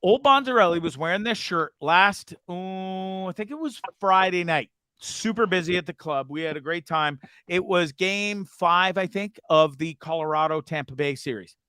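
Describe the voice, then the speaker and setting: A man hosting a casual online show, telling a bar story with animated, laughing, bro-ish banter. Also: sits high, moderate pace, few pauses, clear, resonant tone, no room sound. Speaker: host.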